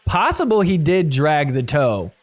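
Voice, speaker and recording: A man's voice: fairly high pitch, measured pace. A man hosting a podcast, recapping match clips and acting out the players' reactions. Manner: animated, acts out players' reactions. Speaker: podcast host.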